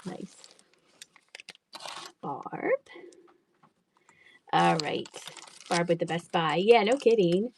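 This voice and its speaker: A woman's voice: mid-range voice, vocal fry, slight background noise. Chatty woman running a live sale. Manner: chatty, laughs often, drops to near-whispers. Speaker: livestream seller. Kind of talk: casual live auction selling.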